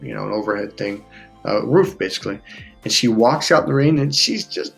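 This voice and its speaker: A man's voice: on the low side, animated, brisk, creaky, fairly bright tone, soft background music. A male life coach in a casual personal monologue, rambling with restarts and laughs, close to tears. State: on the verge of tears.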